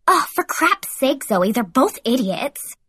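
A sneering, snooty teenage girl, voiced by a woman reading aloud, drips sarcasm with a high, pointed voice. The recording is dry and close, like a storybook audiobook. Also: sing-song, slow, fairly bright tone, breathy edge, no room sound, exaggerated voice. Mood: sarcastic.

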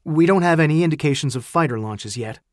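A man's voice: on the high side, lively intonation, fast talker, dry recording, clean studio sound, voice pushed up, lightly acted. A man doing a strained female tactical officer. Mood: strained, clipped. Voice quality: strained, harsh. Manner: clipped military reports.

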